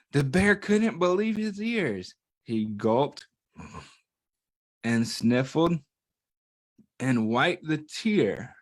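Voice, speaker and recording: A man's voice: fairly high pitch, slow, long pauses. A man reading a picture book aloud to young children, playful, often stopping to ask them questions. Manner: playful and animated, talks to children, asks them to join in. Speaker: children's story reader.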